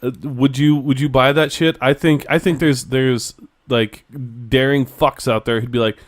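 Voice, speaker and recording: A man's voice: medium pitch, fairly even intonation. A man co-hosting a podcast in casual, profane banter, rambling and laughing easily. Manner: rambling, swears freely, quick to laugh. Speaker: podcast co-host.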